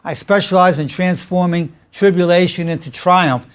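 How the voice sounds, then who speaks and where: An older male psychologist with a high-pitched, smooth voice speaks at a normal speed. He gives an informal lecture full of personal anecdotes, chatty and clearly amused by his own tales.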